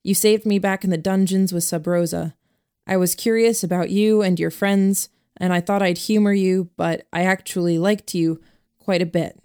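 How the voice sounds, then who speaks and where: A woman voicing a calm, principled young man who speaks in a measured, quiet way. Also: on the low side, clear, resonant tone, natural voice.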